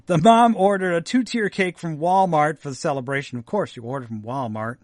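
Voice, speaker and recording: Male podcast co-host, wry news reader, slightly high voice, dry close sound. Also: a little fast, no echo. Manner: dry, wry asides while reading. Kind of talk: casual chat, reading news stories.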